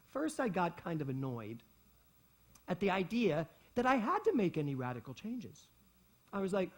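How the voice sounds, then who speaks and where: Animated, husky-voiced male pastor. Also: on the high side, fairly quick. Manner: animated, repeats key lines for emphasis, playful asides. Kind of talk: sermon. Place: spiritual center service hall with congregation.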